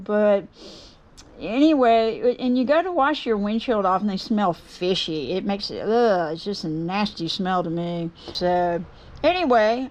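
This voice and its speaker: A woman's voice: mid-range voice, a little mellow. A middle-aged woman with a Southern US accent, talking casually and rambling to her viewers from her woodturning workshop. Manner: rambling, chatty, folksy. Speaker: woodturning vlogger. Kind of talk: casual chat to camera. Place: home workshop.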